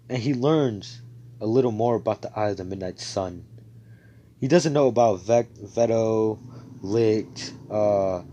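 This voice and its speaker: A man's voice: fairly low pitch, dark tone. A man casually telling an improvised fan story over a voice call, rambling and profane, full of fillers and self-corrections. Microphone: computer mic on a voice call.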